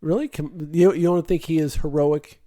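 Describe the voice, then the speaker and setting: A man's voice: a little high, steady tone, normal speed, dark tone. A man co-hosting a casual podcast, teasing his partner and wandering off into rambling asides. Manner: joking, teasing, rambling digressions. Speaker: podcast co-host.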